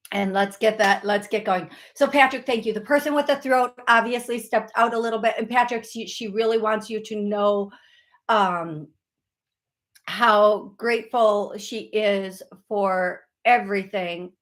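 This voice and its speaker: A woman hosting a live call-in show as a psychic medium, talking in a chatty, emotional and rambling way. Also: medium pitch.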